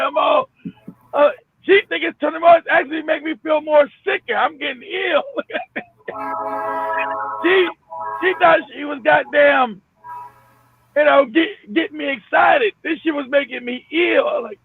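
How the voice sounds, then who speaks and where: A man's voice: extremely high pitch, a little slow, long pauses, no echo. Laughing, profane man on a phone line. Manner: profane, laughing, acts out quotes. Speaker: caller telling a story. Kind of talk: crude comedic storytelling.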